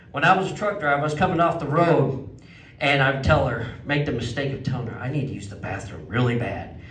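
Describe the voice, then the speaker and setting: A man doing a stand-up comedy set at a legion hall, telling folksy stories and jumping to a high voice for quoted outbursts. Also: fairly bright tone. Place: legion hall stage before a live audience. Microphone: handheld microphone, picked up from some distance. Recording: echoey hall, mic at a distance.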